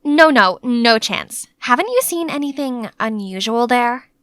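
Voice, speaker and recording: A young best friend passes on rumors and earnest warnings, as a woman voices her. The voice is high and bright, close to the narrator's own. She sounds cautious and serious. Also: lively intonation, a little slow, clear, resonant tone, dry recording.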